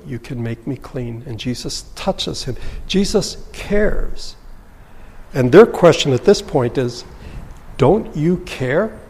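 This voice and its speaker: A man's voice: a little high, a little mellow. Guy pastor giving a sermon, earnest, asks the room questions, long echo from the church hall. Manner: earnest, explanatory, with rhetorical questions.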